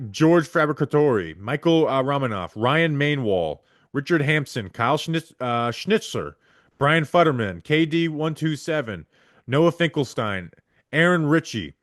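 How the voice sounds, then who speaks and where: A man hosting a podcast, reading supporter names aloud in quick succession and stumbling over the hard ones. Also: medium pitch, a bit bright, dry recording, clean studio sound. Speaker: podcast host.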